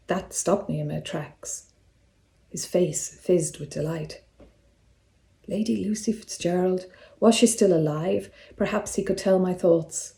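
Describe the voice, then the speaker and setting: A woman, an author reading from her own novel in a calm, measured way. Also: fairly low pitch, gravelly. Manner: calm, measured reading; casual, slightly hesitant when speaking off-script. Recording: roomy echo.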